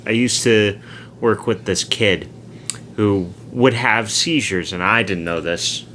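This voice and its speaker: A man co-hosting a podcast, telling a rambling, animated anecdote and acting out the quoted lines. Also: fairly low pitch, slow, a little hiss or hum. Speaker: podcast co-host. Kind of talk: casual storytelling.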